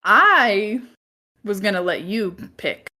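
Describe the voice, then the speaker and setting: Slow-talking woman with a lively voice. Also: mid-range voice. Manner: animated, groaning and laughing often. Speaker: podcast co-host. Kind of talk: casual movie chat.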